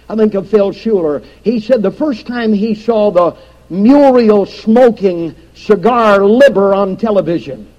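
A middle-aged man preaching with a strikingly high-pitched voice. He presses his points with emphasis, then drops low and quiet when he quotes scripture. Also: highs cut off. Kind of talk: sermon.

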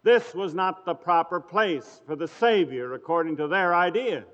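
High-voiced preacher in a reverberant hall. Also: male voice, lively intonation, fairly bright tone. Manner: measured storytelling, reads scripture in old-fashioned phrasing. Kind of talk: sermon. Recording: dull lo-fi recording in a reverberant hall.

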